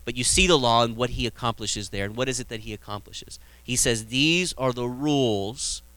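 A man's voice: mid-range voice, fairly even intonation, quick pace, bright, forceful tone, no echo. A male pastor preaching casually, with humor and frequent restarts. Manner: conversational preaching, acts out Bible scenes with humor; frequent restarts and repeated words. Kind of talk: sermon.

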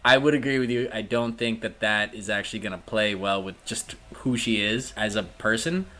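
A man's voice: on the low side, moderate pace, fairly bright tone. A man co-hosting a casual podcast chat, telling stories animatedly and acting out characters' lines. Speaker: podcast co-host.

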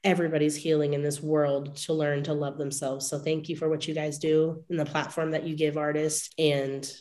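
A woman's voice: low-pitched, little pitch movement, moderate pace, a little mellow. A young woman guest artist in a casual chat, bubbly and chatty, laughing easily. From Las Vegas.

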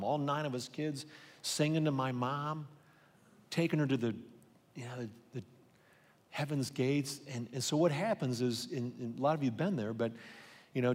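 A man's voice: mid-range voice, a little mellow. A middle-aged man pastor giving a sermon, earnest and personal, telling stories with frequent restarts. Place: large church hall. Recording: live sermon with long hall reverb.

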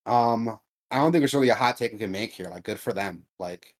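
A man co-hosting a casual podcast, talking in an earnest, measured way with frequent ums. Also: fairly low pitch. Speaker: podcast co-host.

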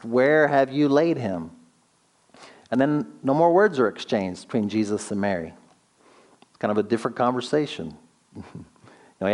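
Earnest male preacher, slow emphatic delivery. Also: mid-range voice, darkish tone. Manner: earnest, slows down for emphasis, asks rhetorical questions. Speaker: pastor. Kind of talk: sermon.

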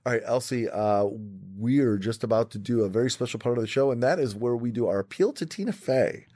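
A man hosting a comedy podcast, playful and quick to laugh as he chats with guests. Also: mid-range voice, dark tone, no echo, clean studio sound. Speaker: podcast host. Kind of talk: casual comedy podcast chat.

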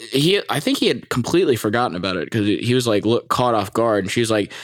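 A young man from the United States telling a story in a casual, animated and profane way, laughing often. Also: quick pace, hardly any pauses, dry recording, clean studio sound. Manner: animated, profane, laughs often, mimics people in high voices. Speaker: vlogger.

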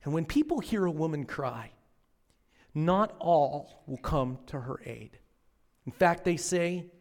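A man preaching a sermon as a pastor, telling a story dramatically, swinging between hushed, near-whispered lines and impassioned, rising passages. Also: medium pitch, long reverb tail. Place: church auditorium.

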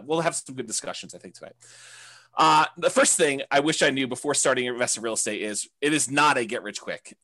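A man teaching a real estate investing class, talking candidly in a halting way with many restarts and fillers. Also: mid-range voice, fairly bright tone.

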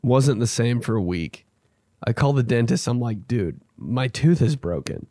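A young man on his podcast drifts through casual stories, slipping into the voices of the people he describes. He speaks a little slowly in an expressive, dark, mid-range voice, with no room sound.

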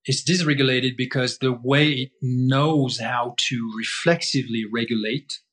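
A man's voice: mid-range voice, steady tone, a little slow, fairly bright tone. A man being interviewed as a guest, teaching in an emphatic, repetitive way and often asking himself rhetorical questions. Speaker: guest breath-holding teacher. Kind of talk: explaining in conversation.

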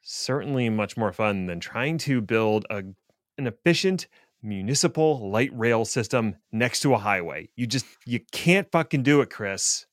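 A man's voice: medium pitch, expressive, measured pace, dry recording, studio quality. Joking, digressive middle-aged man. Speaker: podcast co-host. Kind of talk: casual tech chat.

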